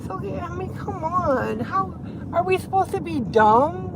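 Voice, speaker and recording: High-voiced woman ranting while driving. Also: animated, a little slow. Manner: profane, rambling, laughing. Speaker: livestreamer. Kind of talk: casual gossip livestream while driving. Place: inside a car, driving. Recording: road noise behind.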